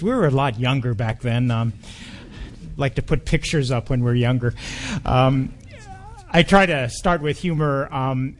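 A man's voice: mid-range voice, slight background noise. A man preaching at a church anniversary, telling a humorous story in a conversational manner with frequent ums. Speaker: pastor.

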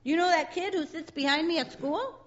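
A woman's voice: very high voice, a little fast, highs cut off, voice pushed up. A woman voicing a brash, boastful little cartoon girl who brags eagerly, reading from a comic strip.

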